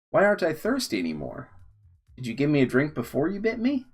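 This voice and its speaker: A man's voice: on the high side, voice pushed up. A man voicing a thirsty, confused stranger in the desert who stammers and asks anxious questions. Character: parched, dazed male desert wanderer, frightened and confused.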